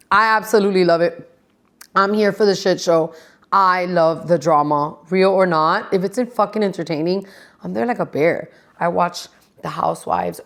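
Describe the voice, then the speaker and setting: A woman hosts a casual podcast in a loose, gossipy chat. She swears freely and breaks into laughter, her pitch sitting in a middle range. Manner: profane, gossipy, laughs often. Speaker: podcast host.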